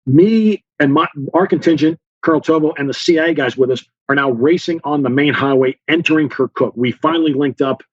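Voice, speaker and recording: A former Special Forces officer, now a guest author, talks fast with few pauses as he's interviewed, telling a lively story packed with fillers and acted-out dialogue. His voice is a little high. The recording sounds muffled, with no echo.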